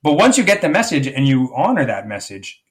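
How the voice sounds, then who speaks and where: A man's voice: mid-range voice, big pitch swings, a little fast. A man speaking as a life coach guest in a podcast interview, reflective and rambling, with many fillers and restarts.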